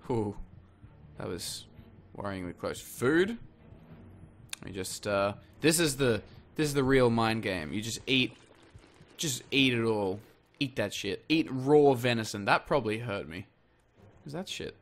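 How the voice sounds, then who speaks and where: A man's voice: mid-range voice, animated, a little slow. A man giving rambling, jokey let's-play commentary, swearing freely as he plays. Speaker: gaming channel host.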